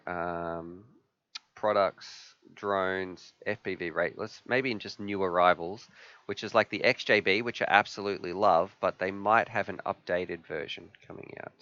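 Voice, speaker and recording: A man's voice: on the low side, fairly bright tone, smooth, dry recording, lo-fi sound. A man hosting a casual live stream from his home room, rambling and chatty as he thanks viewers.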